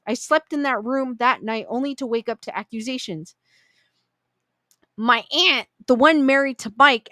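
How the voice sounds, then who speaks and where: A woman's voice: fairly high pitch, fairly bright tone, no echo. A woman reading online ghost stories aloud in a casual, chatty way, with little asides. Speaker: story reader.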